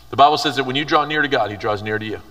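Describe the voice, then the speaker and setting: A man gives a youth sermon in a casual, conversational way, reading a passage and then retelling it in everyday words. His voice is bright and forceful. It is heard from some distance in a big hall with a long echo. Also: mid-range voice, very fast. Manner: conversational, reads scripture aloud and paraphrases it. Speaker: youth pastor. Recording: reverberant hall, voice from afar.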